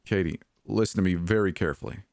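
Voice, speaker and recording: Desperate young man, as the narrator plays him, deep and urgent. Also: fast, vocal fry, darkish tone, no echo, clean studio sound.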